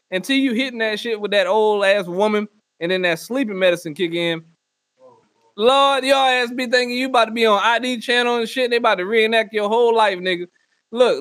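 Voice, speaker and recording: A man delivering a loud, profane comedic rant and often slipping into mock voices. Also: high voice, dry recording. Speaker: comedy podcast host. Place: Northwest Arkansas.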